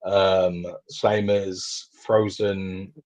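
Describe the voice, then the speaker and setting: A British man hosting a casual online chat, swearing freely and pausing often with ums. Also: low-pitched, level tone, a little mellow. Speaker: host. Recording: slightly dull lo-fi audio.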